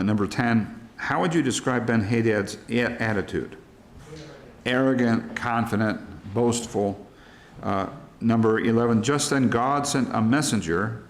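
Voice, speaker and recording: A middle-aged American man leading a church Bible study, talking through worksheet questions in a plain, conversational way and retelling scripture in everyday words. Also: on the low side. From United States.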